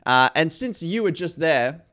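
An Australian man hosting a podcast interview, chatty and joking, often trailing off softly. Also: a little high, lively intonation, measured pace. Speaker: podcast host.

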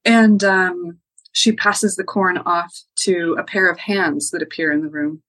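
A woman's voice: fairly low pitch, measured pace, dry recording, rough recording. Woman telling a folktale, dry sound. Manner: relaxed, frequent ums and likes. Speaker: podcast guest storyteller. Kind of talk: casual oral storytelling.

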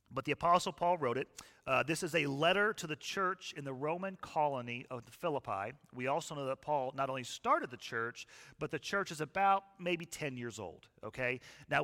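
Guy preaching in a church hall, bright voice, kinda high, lots of reverb, chatty and asks the crowd stuff. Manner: conversational, asks the audience questions. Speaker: pastor. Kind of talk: sermon. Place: church hall with live audience.

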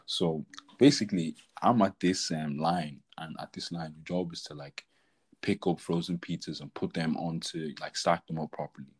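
Low husky young man. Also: moderate pace, poor audio. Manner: rambling storyteller, heavy slang and fillers. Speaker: podcast co-host. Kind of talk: casual chat.

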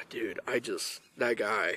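A young man hosting a casual chat, telling school stories with lots of swearing and loud acted-out quotes. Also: fairly low pitch, breathy edge. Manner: animated, swearing, acts out quotes loudly.

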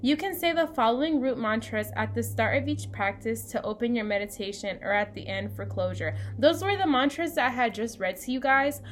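Chatty woman podcast co-host, slightly high voice. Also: brisk, hardly any pauses. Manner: chatty, frequent ums, addresses listeners as "you guys". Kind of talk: casual spiritual podcast chat.

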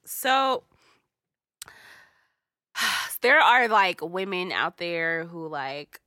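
A woman's voice: lowish voice, expressive, drawn-out words, sharp tone, no echo, clean studio sound. A woman co-hosting a podcast, talking in a blunt, profane, casual ranting way, full of "like". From United States. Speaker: podcast co-host. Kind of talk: casual chat.

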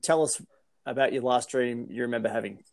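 Man firing off quick questions. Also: medium pitch. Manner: quick rapid-fire questions, relaxed. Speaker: host. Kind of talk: casual interview.

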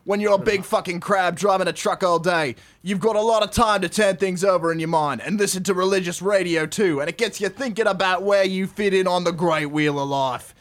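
A man voicing a gruff, swearing narrator in a put-on Australian accent, reading game rules with a loud, strained swagger. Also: sits high, fairly quick, hardly any pauses, close to an everyday voice.

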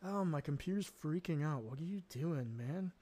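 A man's voice: fairly high pitch, expressive, normal speed, dark tone. An American man hosting a casual solo podcast, telling stories in a rambling, self-deprecating way with frequent chuckles and fillers. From United States. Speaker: podcast host.

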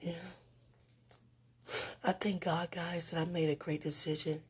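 An online talk host with a deeply husky, breathy voice chats unhurriedly with her viewers about faith. She sounds sleepy and often slips into whispered asides, then perks up in brief animated bursts.

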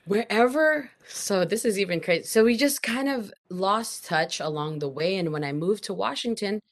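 A woman guest on a podcast, telling a personal story in an animated, emphatic way. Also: medium pitch, normal speed. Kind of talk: casual storytelling interview.

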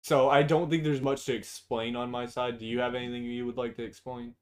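A man with a middle-pitched voice talks in a loose, casual back-and-forth. He is blunt and profane and ready with strong opinions. He tends to wander into long tangents. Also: level tone, fairly quick. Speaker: podcast co-host. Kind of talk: casual chat.

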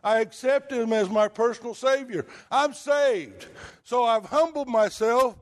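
High-voiced preacher. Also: male voice, unhurried. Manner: conversational preaching with rhetorical questions to the congregation. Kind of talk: sermon.

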